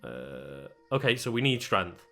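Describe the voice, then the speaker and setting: A man's voice: low-pitched, very animated, measured pace, a bit bright, soft background music. A man co-hosting a let's play, talking casually and hesitantly with many fillers and restarts. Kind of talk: casual gameplay commentary.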